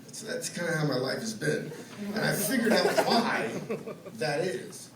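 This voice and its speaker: A man's voice: on the high side, very animated, measured pace, recorded from a distance, heavy background noise. A man doing a stand-up set in a comedy club, telling profane stories in a conversational way with rhetorical asides to the audience. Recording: roomy club sound from afar with crowd laughter.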